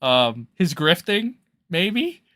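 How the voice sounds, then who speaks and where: A man's voice: on the high side, very animated, very slow, bright, forceful tone, dry recording, studio quality. A man hosting a livestream, reacting to clips in a loose, sarcastic and profane way. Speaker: livestream host.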